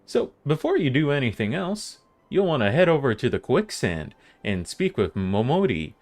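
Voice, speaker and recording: A man voicing a gruff local man who points a newcomer the way, in a lowered, measured delivery. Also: sing-song, a little mellow, lightly acted. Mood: helpful.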